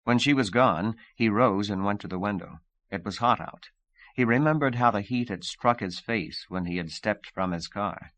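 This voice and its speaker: A man reading an audiobook in a calm, measured way. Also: on the low side, no echo. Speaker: audiobook narrator. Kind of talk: audiobook narration.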